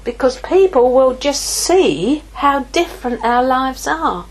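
A woman preaching a sermon, lively, moving from hushed asides to exclaiming. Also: sits high, takes it slowly, husky, poor audio. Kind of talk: sermon teaching.

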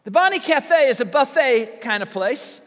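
A man's voice: extremely high pitch, lively intonation, normal speed, fairly bright tone, long reverb tail. A pastor from Southern Illinois preaching a sermon, telling folksy, humorous stories to his congregation. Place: church sanctuary.

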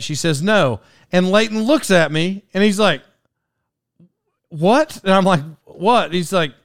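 A man's voice: high-pitched, gravelly, fairly bright tone, clean tone, no room sound, studio quality. A man in his forties hosting a podcast solo, rambling through a personal story with restarts and laughs at himself. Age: 40s. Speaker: podcast host.

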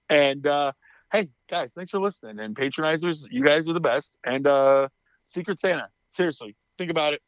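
Animated storytelling man, lo-fi sound. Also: a little high, normal speed, no echo. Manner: animated storytelling, acts out quotes, laughs often. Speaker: podcast co-host. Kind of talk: casual chat.

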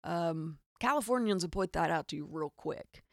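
A woman with a Southern Arkansas accent tells a comic story in a low, gravelly voice. She talks in animated, exasperated bursts with wry asides. The sound is dry and close, with no room around it. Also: moderate pace, no room sound. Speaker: podcast host. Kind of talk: comedic storytelling monologue.

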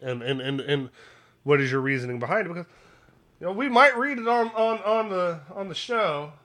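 Bright-voiced joking podcast co-host man. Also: high voice, animated, moderate pace. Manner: joking, rambling with stammered restarts. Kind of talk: casual crude podcast chat.

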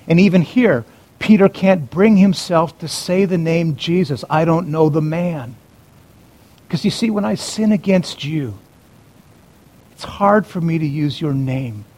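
A man delivering a sermon with a voice pitched a little above the usual for men. He shifts from urgent, emphatic lines to low, hushed reflection. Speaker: pastor.

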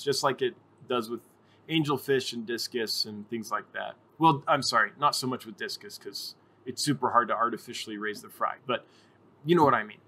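A man's voice: medium pitch, sharp tone. A man hosting a casual livestream, answering viewer questions in a chatty, rambling way with lots of ums and self-corrections. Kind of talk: casual live chat.

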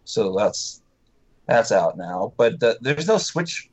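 A man's voice: lowish voice, very animated, takes it slowly, a little mellow, lo-fi sound. A man co-hosting a casual podcast, running through gaming news in an easygoing, hesitant way. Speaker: podcast co-host reading news.

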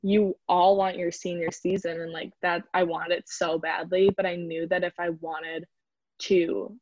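A young woman from the Chicago area talks casually as an interview guest, chatty and full of "like". Her voice sits a little low. The sound is dry and a bit dull. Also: little pitch movement, a little slow, darkish tone, no echo. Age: young adult. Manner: chatty, lots of "like" fillers. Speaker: interview guest, college rower.

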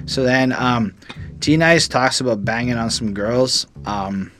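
A man's voice: medium pitch, slow pace, a bit bright. A man casually reviewing a song on a podcast, rambling and enthusiastic, with lots of swearing. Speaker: music reviewer.

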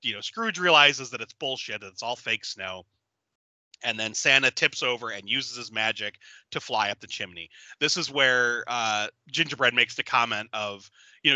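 A man co-hosting a film podcast tells the story of a movie with animated, swearing enthusiasm and frequent laughter. His voice is very bright and sits at an average pitch. The sound is dry and close to the mic. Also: normal speed, no room sound. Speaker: podcast co-host. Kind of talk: casual movie recap chat.

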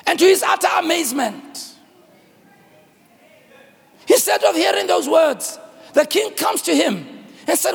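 A man from South Africa preaching a sermon, telling the story dramatically with voices and frequent shouting. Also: very high voice, sing-song, unhurried, creaky, long pauses, long reverb tail. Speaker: pastor.

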